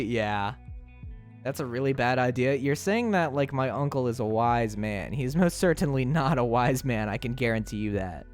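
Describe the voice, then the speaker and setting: A young man streams live and bounces through a playful chat with viewers, his pitch leaping up and down with every tease. He laughs constantly and stumbles over his words in quick restarts. Faint music plays underneath. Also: animated, a little mellow.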